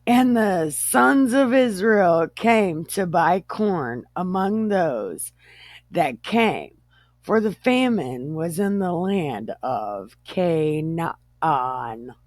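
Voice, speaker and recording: A woman's voice: lowish voice, sing-song, extremely slow, darkish tone, dry recording. A woman host retelling a Bible story casually, irreverent and profane, often joking.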